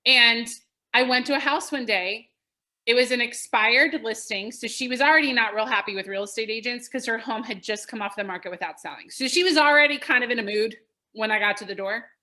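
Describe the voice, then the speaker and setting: A woman coaching real estate agents in a webinar, telling stories with lively emphasis. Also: a little high, fairly quick. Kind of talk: webinar teaching. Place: home office. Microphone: video call.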